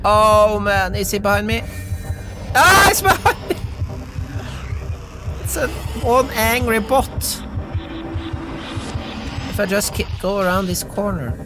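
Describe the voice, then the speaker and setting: A woman giving excitable let's-play commentary, yelping and giggling as she plays. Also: medium pitch, unhurried, long pauses, over loud music. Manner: excitable, yelps and giggles while playing. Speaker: gamer.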